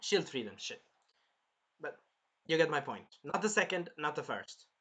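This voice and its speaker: A man with a fairly high voice chats casually while reviewing an anime episode. He talks in an animated way, swears freely and acts out bits of dialogue. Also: moderate pace. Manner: animated, swearing, retells scenes in put-on voices. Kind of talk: casual chat.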